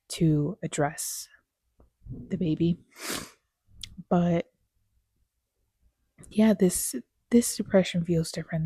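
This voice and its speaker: Slow, soft-spoken sad young woman. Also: lowish voice, breathy edge, no room sound. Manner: slow, soft, halting with many fillers and pauses, often near a whisper. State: sad, tired after crying. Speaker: vlogger and new mother. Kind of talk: personal vlog, candid talk to camera.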